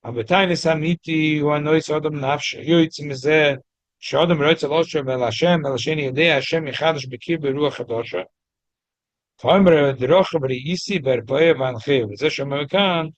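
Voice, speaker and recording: Rabbi teaching, quick Hebrew reading. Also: male voice, fairly high pitch, dry recording, rough recording. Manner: mixes English with quick Hebrew text reading. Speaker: rabbi teaching a weekly class. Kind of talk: classroom Torah lesson.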